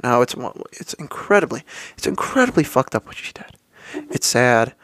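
Casual swearing young podcast host. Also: male voice, medium pitch, very animated, normal speed, fairly bright tone, no echo, studio quality. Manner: casual and profane, with many fillers and quoted asides. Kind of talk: solo podcast storytelling.

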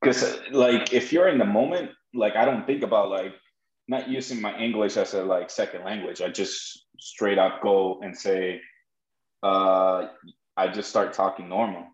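Podcast host, Spanish-accented man, low voice, jokey storyteller, muffled echoey mic. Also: measured pace. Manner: joking, storytelling, laughs often. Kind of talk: casual chat. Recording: dull lo-fi roomy sound.

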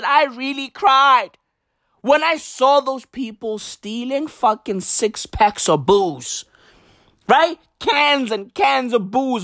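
A woman's voice: on the high side, fairly bright tone, dry recording, clean studio sound. A woman delivering a comedic rant, profane and slangy, hammering her points with repetition. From South Africa.

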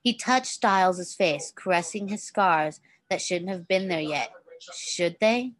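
A woman's voice: lowish voice, a little slow, a bit bright. A woman reading a story aloud in a casual way, stumbling now and then and correcting herself. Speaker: reader.

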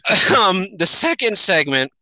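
A man co-hosting a casual podcast, laughing and mocking a bad film with profane, lively chatter. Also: high voice, unhurried, no echo. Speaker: podcast co-host. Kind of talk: casual chat reviewing a film.

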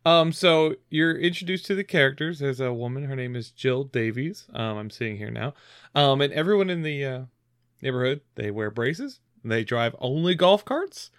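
A man's voice: medium pitch, animated, normal speed, no echo, clean studio sound. A man co-hosting a casual movie recap chat, rambling with lots of fillers and frequent giggles. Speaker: podcast co-host.

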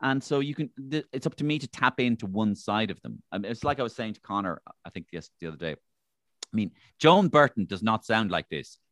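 A man's voice: lowish voice, brisk, no echo, clean studio sound. A man who works as an impressionist, talking in an interview and acting out voices as he tells stories. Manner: lively storyteller who acts out voices. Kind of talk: conversational interview.

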